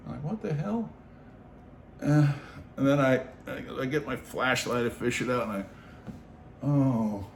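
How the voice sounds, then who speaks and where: A man with a medium-pitched voice tells a rambling anecdote in casual conversation. He jumps into the voices of the people in his story and swears without a second thought. The sound is roomy and echoey, with a faint hum of ambience underneath. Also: normal speed. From Seattle, United States. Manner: animated, acts out voices, swears freely. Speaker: storyteller on his own show. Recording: roomy echo, faint background noise.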